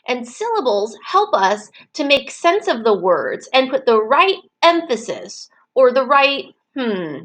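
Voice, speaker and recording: A woman teaching preschool children in an online circle time, slow and encouraging, stretching words out so the children can clap the syllables. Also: sits high, a bit bright, rough recording.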